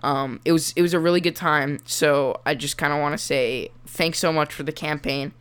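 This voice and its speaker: Low voiced woman cohosting a podcast, giggly and jokey, rambles a lot. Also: fairly even intonation, normal speed, clean tone. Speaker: podcast co-host. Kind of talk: casual chat. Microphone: remote call mic.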